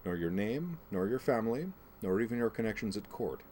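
A man's voice: lowish voice, expressive, mellow, slight background noise, close to an everyday voice. A man voicing a stern alien woman admiral. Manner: dry, measured, authoritative.

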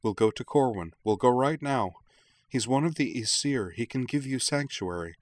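A man's voice: mid-range voice, animated, normal speed, no echo, voice pushed up, natural voice. A man voicing a resolute young woman who speaks intently and firmly. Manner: intent, firm.

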